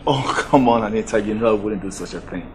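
An actor with a Nigerian accent playing a relaxed, sweet-talking young boyfriend. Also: male voice, fairly low pitch, quick pace, a little hiss or hum, natural voice. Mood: charming. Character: smooth young boyfriend, charming. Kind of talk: film drama acting. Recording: echoey film audio with music score.

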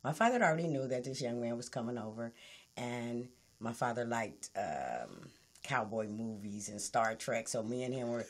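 A woman's voice: extremely low pitch, expressive, normal speed. A woman telling a personal story in casual podcast chat, acting out quotes and laughing often. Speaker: podcast host.

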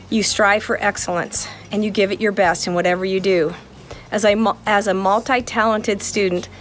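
An earnest woman speaking a formal, measured blessing, as if reading a prepared message. Her voice sits at a middle pitch, and soft music plays faintly behind her. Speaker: aunt giving a graduation message. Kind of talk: prepared heartfelt video message.

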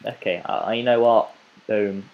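A young man giving let's play commentary, frustrated, swinging between muttering and yelling at the game. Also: lowish voice, steady tone, measured pace, phone-quality sound. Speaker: gamer.

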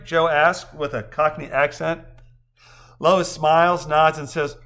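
A man's voice: expressive, moderate pace, fairly bright tone. A man narrating a story and reading every character's lines himself. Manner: lifts pitch for dialogue. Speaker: audiobook narrator. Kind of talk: scripted narration reading all parts.

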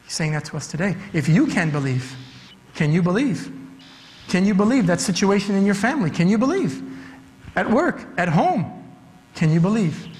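A youth director with a high, slightly mellow voice preaches a sermon in a church sanctuary at a normal pace, his pitch swinging widely. He speaks emphatically and repeats key phrases for weight, with long church hall reverb around him.

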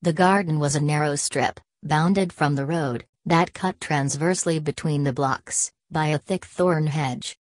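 A woman reading a classic novel aloud as an audiobook narrator, in a steady, even manner. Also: low-pitched, measured pace, hardly any pauses, no echo. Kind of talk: scripted narration.

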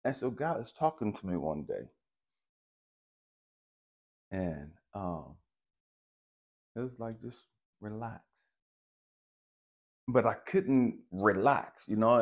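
Man, low deep voice, animated personal storytelling, swears freely, muffled lo-fi sound. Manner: animated, profane, keeps saying "stay with me, I'm going somewhere". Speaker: channel host.

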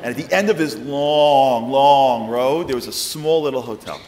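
A man giving a public lecture in a large congregation hall, telling a story in an animated, humorous way. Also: mid-range voice, normal speed. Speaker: guest lecturer. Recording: echoey hall, faint noise.

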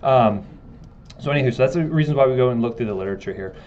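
A man's voice: medium pitch, rapid-fire, darkish tone, dull audio, slight background noise. A man giving a casual classroom lecture, joking and asking his students questions.

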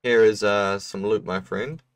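A man's voice: on the low side, steady tone, unhurried, dry recording, distant mic. Laid-back male streamer explaining a build. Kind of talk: casual gameplay commentary.

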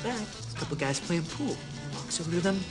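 An actor playing a brash outlaw telling a crude, rambling joke in a film scene, with put-on voices for the characters. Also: male voice, on the high side, expressive, brisk, close to an everyday voice. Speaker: bar patron telling a joke. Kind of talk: film dialogue. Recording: film soundtrack with score. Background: music.

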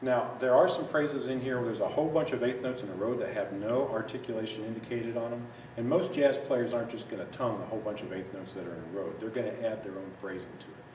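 A lower-voiced man walks students through a sax part one note at a time, patient and methodical, now and then scatting the rhythm. He sounds some way off from the mic in an echoey room, with steady noise behind him. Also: recorded from a distance. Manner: patient, methodical, sings phrases in scat syllables. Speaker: music teacher. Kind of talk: instructional walkthrough.

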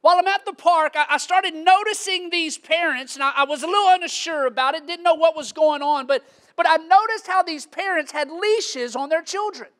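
A man, preaching a sermon as pastor with animated, shouting storytelling. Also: very high voice, normal speed.

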